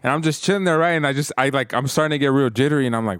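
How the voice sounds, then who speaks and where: A man's voice: medium pitch, expressive, very fast, fairly bright tone, no echo, clean studio sound. A man hosting a casual podcast, telling a story with lots of laughter and swearing.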